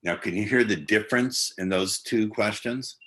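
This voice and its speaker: A man in his sixties speaks from a side room at home as a dating coach, blunt and often profane. His voice sits very low yet sounds forceful and bright. When he demonstrates, he drops into a slow, hypnotic cadence. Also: slight background noise. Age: 60s. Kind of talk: casual instructional talk.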